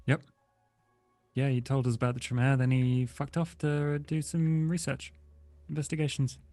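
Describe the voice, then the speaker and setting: A man's voice: medium pitch, little pitch movement, normal speed, dark tone, dry recording, soft background music. A man playing his character in a tabletop game, casual and hesitant with fillers. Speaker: player.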